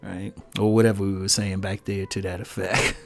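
A man's voice: low voice, flat delivery, normal speed, faint music behind. A man hosting his own video channel, talking casually to his audience, laughing often and posing rhetorical questions. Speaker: YouTube host addressing viewers. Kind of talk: casual talking-head commentary.

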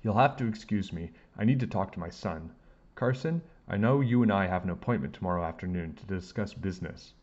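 A man's voice: low voice, brisk, muffled recording. A man voicing a stern film director and father who gives demanding orders. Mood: apologetic. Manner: shouting, demanding.

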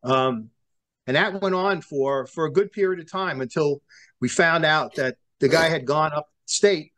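A man's voice: a little high, measured pace. A man, a former prosecutor telling long stories as an interview guest, acting out the lines of the people in them, with many restarts. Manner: animated storyteller who acts out quoted dialogue, many restarts. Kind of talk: storytelling in a sit-down interview.

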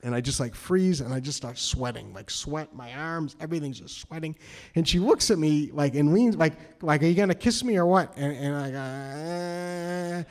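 A man from New Hampshire telling a story on stage, nervous and halting, with many restarts. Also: a little high, darkish tone. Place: cultural center hall, live audience.

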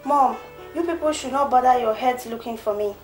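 An actress playing a young Ghanaian daughter who speaks softly to her mother. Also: a little high, a little fast, close to an everyday voice. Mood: defiant. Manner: soft, soothing. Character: young daughter, soothing her mother, then a defiant runaway. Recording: echoey room with music behind.

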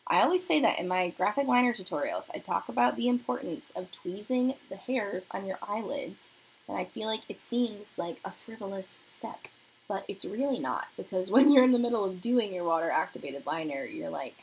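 A young woman hosting a beauty livestream from her apartment, chatting casually while doing her makeup and reading viewer comments aloud, sometimes dropping to a soft murmur. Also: medium pitch, expressive, moderate pace, slight background noise, rough recording. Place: home apartment.

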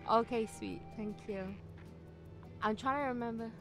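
A woman chatting casually on a game live stream, excitable and giggly, with lots of likes and ums. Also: a little high, unhurried, music in the background. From United Kingdom.

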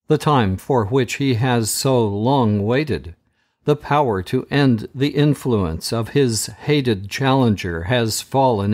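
A man hosting a podcast, reading a story chapter aloud in a dramatic, measured way. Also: mid-range voice. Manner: slow, measured and dramatic, with raised voices for quoted shouts.

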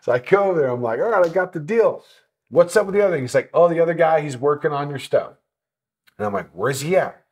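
A man telling a travel story in a casual sit-down interview, animated and swearing, acting out what people said. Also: a little high, fast talker. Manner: animated, swearing, acts out quotes. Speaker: motorcycle traveler telling his trip.

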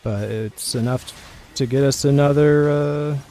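Gravelly man muttering through a game. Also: mid-range voice, a little slow, warm tone, a little hiss or hum. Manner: muttering, thinking aloud, swears at setbacks. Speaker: gameplay streamer. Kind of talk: casual gameplay commentary.

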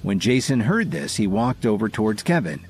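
A man narrating a dramatic audio story in a scripted, expressive manner. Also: fairly low pitch, normal speed, soft background music.

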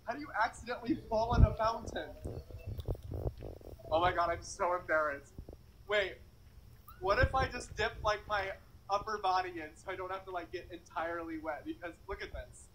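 Young male vlogger, high voice, nervous and flustered, swearing and rambling outside by a fountain. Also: normal speed, background noise. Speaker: vlogger doing a dare. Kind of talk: casual vlog to camera. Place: outdoors by a public fountain.

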